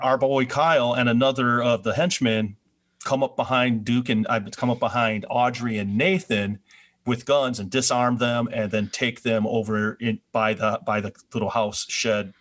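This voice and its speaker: Male co-host, mid-pitched, easygoing recap talk with plenty of "you know". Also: steady tone, normal speed, fairly bright tone. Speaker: podcast co-host recapping a TV episode. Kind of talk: casual chat.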